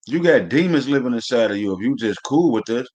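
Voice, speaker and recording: A man's voice: medium pitch, expressive, fairly quick, a little mellow, muffled recording. A man teaching a live-streamed scripture class, reading verses aloud and then commenting in a blunt, coarse way, often saying "man". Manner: preachy, blunt, says "man" constantly; coarse, swears freely.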